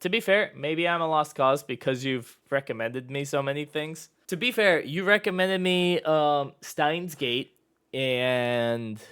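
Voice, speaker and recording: A man's voice: a little high, a little slow, fairly bright tone, clean tone, no echo, clean studio sound. A man in his late twenties co-hosting a podcast, chatting casually with playful, mock-sarcastic asides. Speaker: podcast co-host. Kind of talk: casual chat.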